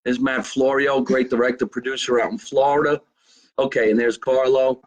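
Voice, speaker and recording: A man's voice: mid-range voice, level tone, normal speed, highs cut off. A man hosting a casual live podcast, joking loosely and reading viewer comments aloud. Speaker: podcast host. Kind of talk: casual live show chat. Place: basement at home.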